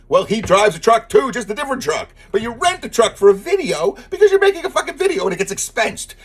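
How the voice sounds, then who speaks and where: A husky-voiced man rants about politics in a profane, sarcastic monologue. His pitch swings widely as he jumps between outbursts and muttered asides. He sits a touch higher than most men. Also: big pitch swings, quick pace, hardly any pauses. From lives in Texas. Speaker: political commentator. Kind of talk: ranting monologue.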